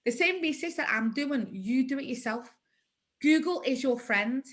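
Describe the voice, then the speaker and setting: A woman's voice: high voice, animated, normal speed, fairly bright tone. A woman in her forties with a Liverpool accent, a guest in a conversational interview, speaking emphatically and repeating phrases for stress. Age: 40s.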